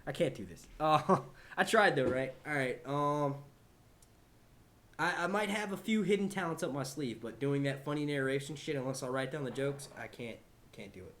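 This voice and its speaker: A man's voice: fairly high pitch, normal speed, a bit bright. Chatty, profane male live-streamer. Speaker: vlogger answering viewer questions. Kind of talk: casual live-stream chat.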